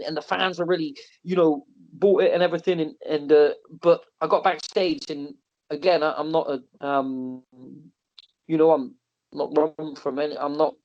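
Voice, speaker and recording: Man telling wrestling stories. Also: fairly high pitch. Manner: animated, self-mocking anecdotes with frequent restarts and laughs. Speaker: wrestler and wrestling promotion owner. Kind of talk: podcast interview storytelling. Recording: slightly muffled podcast audio.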